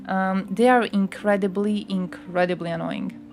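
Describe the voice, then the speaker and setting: A young woman talks casually on her livestream, ranting bluntly with plenty of swearing. Her voice sits at a middle pitch. Faint music plays quietly behind her. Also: fairly even intonation, normal speed.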